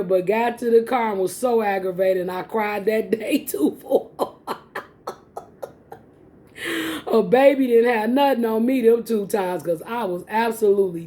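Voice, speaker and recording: Woman vlogger, warm mellow tone, casual storytelling to viewers, laughs often. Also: a little high. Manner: animated, laughing often, addresses viewers as y'all. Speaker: mukbang vlogger. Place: home, eating on camera.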